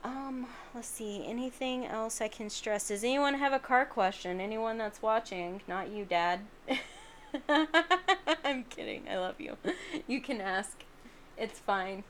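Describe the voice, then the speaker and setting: A woman's voice: mid-range voice, steady tone, a little slow. Woman, podcast host, sleepy, late-night solo talk, earnest and rambling, faint background hiss. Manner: earnest, rambling, self-deprecating. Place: home at night.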